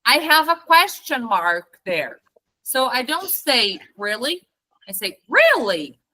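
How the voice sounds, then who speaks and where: A woman teaching an online English class, patient, explaining slowly and demonstrating intonation. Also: sits high, big pitch swings, bright, forceful tone, poor audio.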